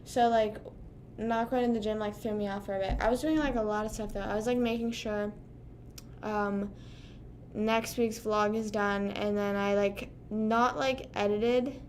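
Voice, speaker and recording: A woman's voice: medium pitch, steady tone, unhurried, slight background noise. A young woman under twenty-one chatting casually on a live stream, rambling with lots of fillers. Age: young adult.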